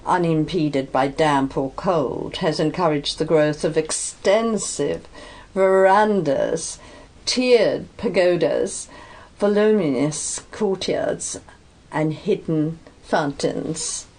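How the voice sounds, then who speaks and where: A woman radio presenter reading an introduction and asking questions in a measured way. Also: low-pitched, a little mellow. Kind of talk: radio interview. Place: radio studio.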